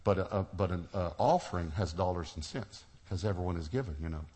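Lower-pitched man preaching an animated story sermon. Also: brisk. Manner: animated storyteller, acts out dialogue, laughs often.

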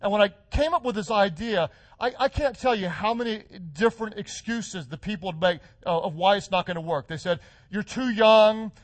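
High-voiced middle-aged male pastor preaching. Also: fairly quick, dry recording. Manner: builds to fervent, rising declarations. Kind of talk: sermon.

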